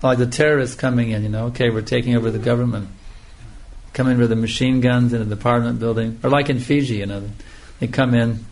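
A man giving a scripture lecture as a spiritual teacher, speaking slowly and emphatically and repeating phrases for emphasis. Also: mid-range voice, fairly even intonation, darkish tone.

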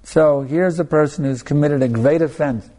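A man's voice: fairly high pitch, moderate pace, mellow. A male spiritual teacher giving a sermon and telling a story, talking conversationally with frequent restarts and asides to his listeners. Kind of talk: anecdotal sermon.

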